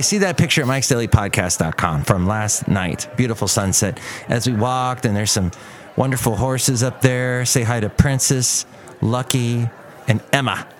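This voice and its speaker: A man hosting a podcast as a loose, comic solo monologue, wandering off on tangents and joking at his own expense. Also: medium pitch. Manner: rambling, self-mocking asides. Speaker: podcast host. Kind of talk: casual comedic monologue.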